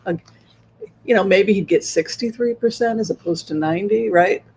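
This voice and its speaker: A man's voice: high-pitched, moderate pace, creaky, darkish tone, husky. A man giving a solo political commentary as a psychic tarot reader, talking rhetorically, keeps asking "right?" and acting out other sides' views. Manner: acts out opposing viewpoints.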